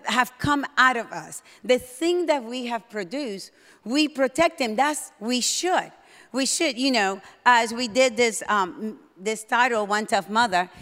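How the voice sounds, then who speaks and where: A middle-aged woman delivers a sermon from a church pulpit, her slightly raised pitch carrying bold, emphatic energy. She gets excited and loud at moments, and a long hall reverb trails after her words. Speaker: preacher.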